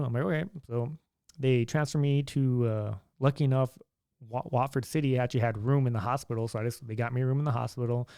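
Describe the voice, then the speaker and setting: A man's voice: mid-range voice, fast talker, warm tone, clear, resonant tone, dry recording, studio quality. A young man telling a story in a laid-back, chatty way, acting out what others said. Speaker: vlogger. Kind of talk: casual storytelling.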